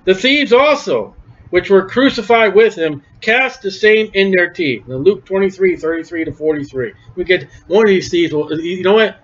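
A man's voice: high voice, expressive, moderate pace, a bit bright. A man preaching a conversational Bible-study sermon, emphatic, often repeating words. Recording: dull lo-fi recording.

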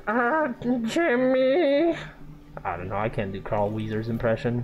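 A man giving casual, joking gameplay commentary, swearing and reacting loudly while he plays. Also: mid-range voice, measured pace, dull audio. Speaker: gaming YouTuber. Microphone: scuffed mic. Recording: game music behind.

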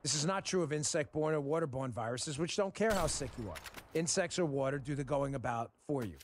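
A man's voice: fairly high pitch, animated, fairly quick, slight background noise. A man from Texas hosting a show and delivering frustrated, emphatic political commentary that often repeats itself. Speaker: host. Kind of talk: political commentary over gameplay.

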